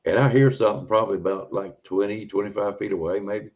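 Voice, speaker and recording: Guy, really low voice, rambling folksy story, kinda muffled lo-fi sound. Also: steady tone, fast, darkish tone. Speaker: podcast guest telling an encounter story. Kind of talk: casual storytelling. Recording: dull lo-fi audio.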